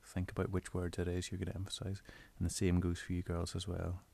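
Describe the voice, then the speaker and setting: Deep gravelly man explaining calmly. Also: brisk. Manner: relaxed, rambling explanation with filler phrases. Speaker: audio creator giving tips. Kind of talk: casual instructional talk. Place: bedroom.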